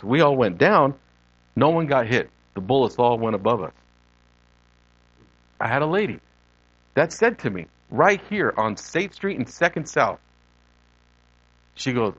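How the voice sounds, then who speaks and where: A man's voice: medium pitch, no echo, highs cut off. A middle-aged man, a lay preacher and missionary, giving an unscripted sermon full of personal stories and acting out the voices he quotes. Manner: earnest storytelling, animated quoted voices.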